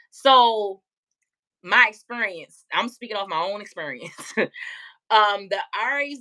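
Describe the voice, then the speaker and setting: Woman streamer, bright forceful voice, kinda low, laughs a lot and curses. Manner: loud, laughing, profane, talks back to chat. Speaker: tarot reader streamer. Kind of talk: casual live-stream chat.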